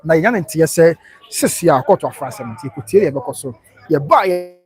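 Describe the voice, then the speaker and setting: A man's voice: fairly high pitch, animated, brisk. Ghanaian man hosting a live stream. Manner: reads out viewer messages and thanks them. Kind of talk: casual live-stream chat reading viewer comments.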